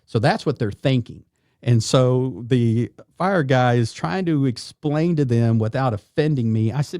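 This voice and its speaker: A middle-aged man spins a story in a dry, close studio sound. He tells it casually and jumps into the voices of the people in it, lively and animated. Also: medium pitch, unhurried, no echo. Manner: animated, acts out quoted voices. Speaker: podcast guest, retired police sergeant.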